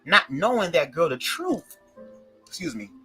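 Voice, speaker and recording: A man's voice: fairly high pitch, sing-song, unhurried, pushed and bright, faint music behind, rough recording. A man from Detroit with a Detroit accent, giving opinionated commentary in a sassy, emphatic way and swearing freely. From Detroit, USA. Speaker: commentary vlogger.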